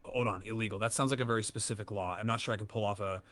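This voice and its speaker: A man's synthetic AI voice answering in a calm, good-natured, measured way. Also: fairly low pitch. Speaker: AI chat companion. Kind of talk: conversational AI replies.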